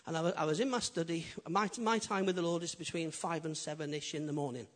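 A man preaching a sermon as a pastor, animated and humorous, swinging from loud emphatic lines to quiet intimate ones. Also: on the high side, quick pace. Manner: humorous storytelling.

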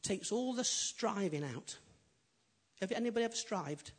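A man preaches with a high, husky voice, swinging between loud emphatic lines and hushed, intimate ones. He tells stories from the pulpit with a humorous touch. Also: lively intonation, normal speed. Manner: humorous storytelling. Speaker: pastor. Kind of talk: sermon.

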